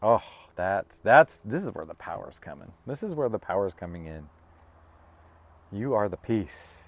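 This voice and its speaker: A middle-aged man gives a casual, heartfelt tarot reading that wanders off into stories, rambling and emotional, with many stops, restarts, and self-interruptions. His fairly low voice swings widely in pitch at a normal speed, and the recording is dry.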